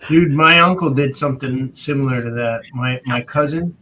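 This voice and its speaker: A man, a guest on a casual talk show, telling an animated family story. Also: medium pitch, moderate pace, a little hiss or hum, rough recording. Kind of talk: casual chat.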